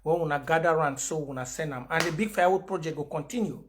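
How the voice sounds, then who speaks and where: Brief: high-voiced Cameroonian man, livestream activist, pidgin-English mix, forceful repeated points. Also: fast talker, noisy background. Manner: impassioned, emphatic repeated declarations; mixes pidgin and English with frequent fillers. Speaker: activist host of an online broadcast. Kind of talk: livestream address to followers.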